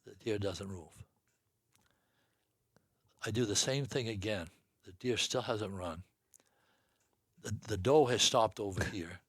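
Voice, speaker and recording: Brief: older man from Vermont, lowish voice, easy unhurried yarn-spinner. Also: fairly bright tone, husky, dry recording, studio quality. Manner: folksy, unhurried storyteller. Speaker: hunting guest. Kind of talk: storytelling interview.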